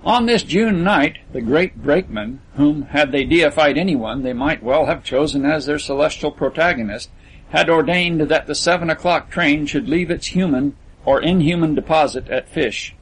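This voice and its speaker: A man narrating a literary story as an audiobook, in a measured storytelling manner. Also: on the high side, a little hiss or hum, rough recording.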